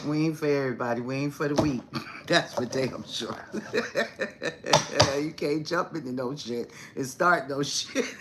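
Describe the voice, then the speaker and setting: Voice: mid-range voice, background noise. A spiritual reader hosting a casual livestream chat with viewers, swearing freely, laughing often, teasing, and calling the audience baby and honey. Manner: affectionate address, calls viewers baby and honey. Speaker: spiritual reader and channel host.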